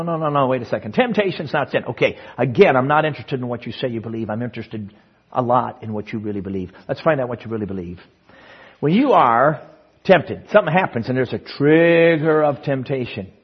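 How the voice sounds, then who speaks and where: Husky emphatic male preacher. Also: medium pitch. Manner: emphatic, swings from hushed to loud proclamation. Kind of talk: sermon. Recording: dull lo-fi sermon recording.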